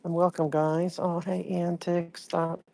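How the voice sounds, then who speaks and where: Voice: medium pitch, little pitch movement, a little slow, vocal fry, a little mellow, no room sound. A livestream host chatting casually, rambling and greeting viewers by name mid-sentence.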